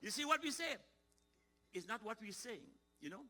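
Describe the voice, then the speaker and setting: A middle-aged man, telling folksy comic stories on stage at a ceremony. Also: sits high. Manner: lively, folksy, quick to shift into voices. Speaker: storyteller and comedian. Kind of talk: live comic storytelling.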